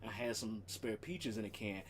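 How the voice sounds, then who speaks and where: A man's voice: on the low side, normal speed, a little hiss or hum. A man streaming casually at home, rambling loosely about his cooking plans, swearing freely and laughing often. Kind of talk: casual chat.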